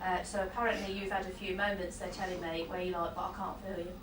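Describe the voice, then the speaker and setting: A woman medium with a lowish voice and little pitch movement talks at a quick pace through a chatty reading for a live audience. She often laughs and cuts in with apologetic asides. The hall sounds roomy, the mic is distant, and there is faint noise.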